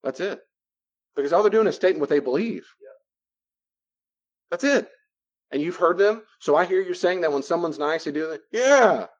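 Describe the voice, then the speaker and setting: Slightly high in pitch, this man talks at a moderate pace with long pauses, and the recording is muffled. As a Christian counselor teaching about boundaries, he speaks conversationally and animatedly plays both parts of everyday exchanges.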